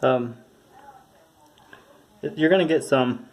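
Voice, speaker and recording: A man giving a casual hands-on tutorial, talking in a halting, mumbling way as he works, recorded on a phone. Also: medium pitch. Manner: mumbling, halting, thinking aloud. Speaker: tutorial presenter. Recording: faint background noise from phone recording.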